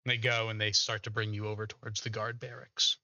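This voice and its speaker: Guy running a tabletop game, kinda low voice, lots of ums, muffled dry mic. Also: little pitch movement, bright, forceful tone, dry recording. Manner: hesitant, many filler pauses. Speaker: game master. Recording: dull lo-fi mic.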